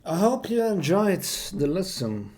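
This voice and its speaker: A voice-acting streamer casually introducing himself, rambling and self-deprecating, with many hesitations. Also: male voice, high voice, big pitch swings, a little slow, darkish tone. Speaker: voice actor streamer.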